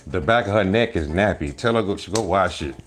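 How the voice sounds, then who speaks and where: A man hosting a casual live stream, rambling loudly through jokes and teasing his viewers, often breaking into laughter. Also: low-pitched, expressive, a little fast, soft background music. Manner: loud joking rambles, bursts of laughter, mock voices.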